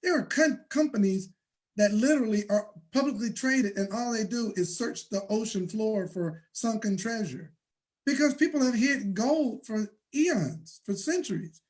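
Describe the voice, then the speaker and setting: A man hosting a motivational money talk, preaching and building to shouts. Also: sits high, lively intonation, unhurried. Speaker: host.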